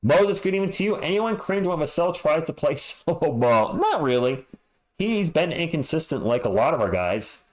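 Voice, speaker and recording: Lively, exasperated man talking basketball stats. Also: a little high, moderate pace, rough recording. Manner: frustrated, sarcastic, reads stats and chat. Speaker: fan livestream host. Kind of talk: halftime stats talk with live chat.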